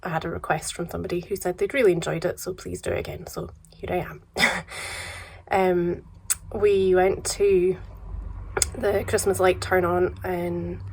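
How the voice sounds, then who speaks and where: A Scottish woman vlogging casually about yarn and advent calendars, her voice croaky from a cold, relaxed and chatty with soft trailing asides. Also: on the low side, moderate pace. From Scotland. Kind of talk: casual chat to camera.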